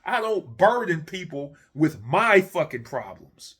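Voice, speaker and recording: A man's voice: high voice, big pitch swings, measured pace, a bit bright, husky. A man delivering a comedic rant from his man cave, swearing heavily, blunt and repetitive, often restarting his sentences. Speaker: ranting monologue creator.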